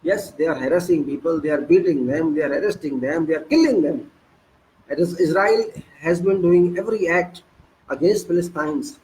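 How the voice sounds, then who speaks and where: Indignant high-voiced Indian man. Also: normal speed, a little mellow, a little hiss or hum, poor audio. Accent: Indian English. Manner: indignant, accusing, rhetorical questions, many restarts. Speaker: political commentator. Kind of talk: impassioned monologue.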